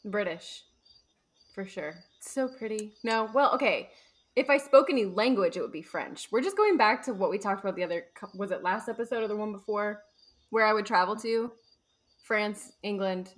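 A woman's voice: medium pitch, normal speed. A woman co-hosting a podcast in casual chat, teasing and giggly. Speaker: podcast co-host.

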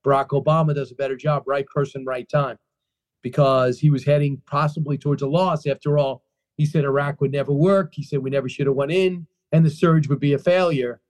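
A man being interviewed about his book, answering in an animated storytelling way, emphatic and full of restarts and repeated phrases. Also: on the high side, fairly quick.

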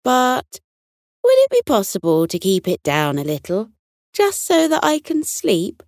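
A woman voicing a gentle, polite male beaver in a bedtime storybook, earnest and softly pleading. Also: fairly high pitch, wildly swooping pitch, a little slow, dry recording, clean studio sound, voice pushed up, full character voice.

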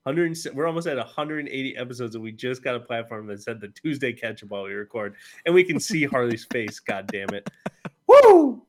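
Guy on a podcast making wry amused comments, normal pitch. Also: lively intonation, fairly quick. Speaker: podcast co-host. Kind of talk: casual podcast banter.

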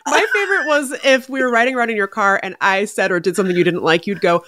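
A woman co-hosting a podcast in casual chat, animated, with wry asides. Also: medium pitch, fast, no room sound, clean studio sound. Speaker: podcast co-host.

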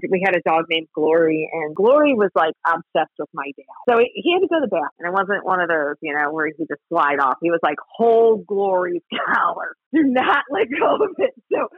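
A woman telling a funny story in an animated, giggly way as a podcast guest. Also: deep voice, quick pace, hardly any pauses, no echo. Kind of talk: excited casual storytelling. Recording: phone line.

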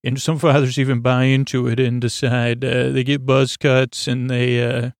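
A man's voice: little pitch movement, normal speed, dry recording, studio quality. A man hosting a sleep podcast, recapping an episode in a rambling, meandering way with many fillers and self-corrections. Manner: low-key, drifting and digressive. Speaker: podcast host.

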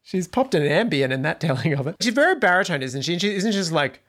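A woman co-hosting a podcast over a video call, chatting casually with animated, laughing enthusiasm and some swearing. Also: fairly low pitch, fast talker. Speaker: podcast co-host. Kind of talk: casual chat.

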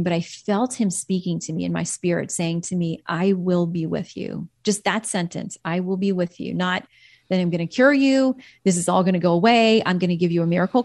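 A woman's voice: lowish voice, a little mellow, no echo, studio quality. A woman earnestly telling a personal faith story as a podcast guest, quoting her own prayers.

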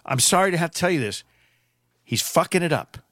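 A blunt man from New England rambling through opinions in casual talk. His voice sits a little high and sounds dry and close to the mic. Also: expressive, brisk, a bit bright, dry recording. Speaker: co-host. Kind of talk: casual political chat.

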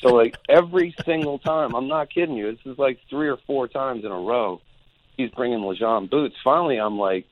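A man's voice: mid-range voice, brisk. A man telling a long rambling anecdote as a guest, acting out the quotes as he goes. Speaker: guest musician. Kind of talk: phone-in storytelling. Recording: tinny phone line.

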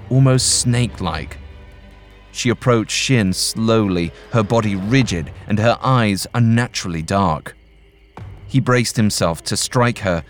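Slow, low-voiced male storyteller. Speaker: narrator. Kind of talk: scripted story narration. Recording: narration over soft music.

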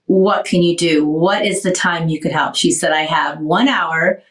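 A woman in her sixties hosts a relaxed radio talk show, rambling warmly and growing emotional as she goes. She sounds a little winded, and her voice sits on the low side. The recording is echoey, with the mic some distance away. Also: measured pace. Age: 60s. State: short of breath. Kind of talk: casual radio chat.

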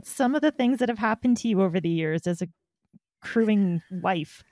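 A woman's voice: medium pitch, animated, moderate pace, darkish tone, dry recording. A woman hosting a casual interview, encouraging her guest and prompting her for stories. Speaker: podcast host.

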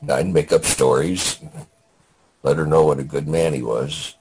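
An older man, a veteran guest, telling his war memories in a halting, plainspoken way with many restarts. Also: very deep voice, fairly even intonation, a little mellow, husky, rough recording.

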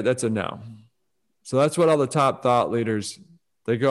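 Animated man giving advice. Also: mid-range voice, fast. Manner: animated, acts out quoted voices. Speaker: guest speaker on focus and success. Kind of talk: conversational advice talk.

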